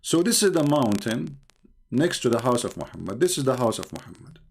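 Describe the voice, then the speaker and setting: Gravelly Arabic-accented man, sarcastic. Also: medium pitch, sing-song, brisk. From Arab world. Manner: sarcastic, theatrical storytelling with many repeats. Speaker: online religion debater. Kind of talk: mocking livestream talk. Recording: noisy mic on livestream.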